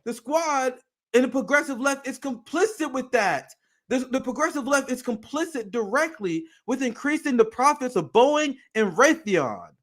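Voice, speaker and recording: A man with a high voice co-hosts a political talk show. He talks bluntly and swears freely, laughs at his own points and stammers through quick restarts. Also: expressive, a bit bright. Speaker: political podcast co-host.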